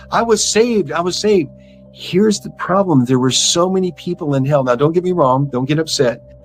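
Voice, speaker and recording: A man's voice: medium pitch, low-quality recording. Intense man recounting an ordeal, faint music. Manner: intense, repeats and restarts words. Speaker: interview guest. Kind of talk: earnest personal testimony.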